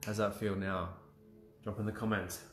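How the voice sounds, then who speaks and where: A man leading a live emotional clearing session, guiding breathing and affirmations calmly, with frequent sighs. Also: fairly low pitch, normal speed, a little hiss or hum. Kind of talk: guided healing session on a livestream. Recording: roomy with faint music.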